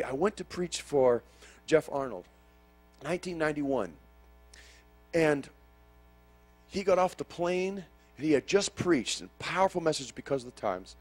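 A man preaching a sermon, telling a personal story that swings from hushed to loud and fervent. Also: medium pitch.

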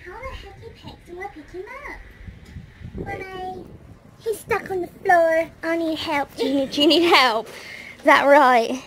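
A woman doing a squeaky chatty pet dog. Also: a little slow, fairly bright tone, a little hiss or hum. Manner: chirpy baby-ish running commentary.

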